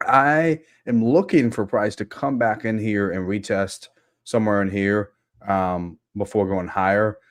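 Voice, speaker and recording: A man giving relaxed live commentary on futures charts, with frequent fillers. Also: fairly low pitch, unhurried, no room sound, studio quality. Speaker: futures trader.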